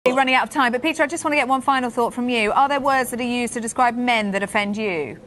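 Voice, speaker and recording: A woman hosting a televised studio debate, moderating her guests briskly. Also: on the high side, fairly bright tone. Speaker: talk show host.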